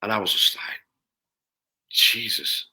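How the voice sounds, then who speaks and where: A man's voice: lowish voice, lively intonation, takes it slowly, bright, forceful tone, husky. A man, a podcast guest and personal trainer, telling his story in a rambling way, repeating words and acting out the things people said. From Manchester, England. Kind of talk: candid storytelling.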